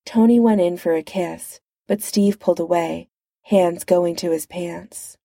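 A woman reads a story aloud in a slow, even manner. Her voice is low, mellow and gravelly. The recording is close and dry. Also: no room sound. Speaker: narrator. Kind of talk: reading fan fiction aloud.

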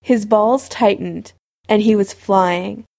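A woman reading a fan fiction story aloud at a steady, unhurried pace. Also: medium pitch, vocal fry. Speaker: narrator.

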